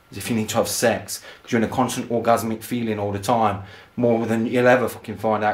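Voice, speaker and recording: A man ranting profanely in a vlog, often asking "do you know what I mean". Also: on the low side. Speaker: vlogger. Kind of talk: angry rant over video clips.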